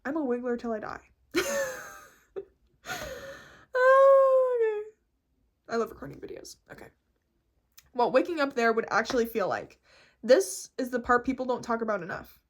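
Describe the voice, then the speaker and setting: A woman vlogger chatting casually and reading notes aloud, excitable and profane, laughing easily. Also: fairly high pitch. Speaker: vlogger explaining reality shifting.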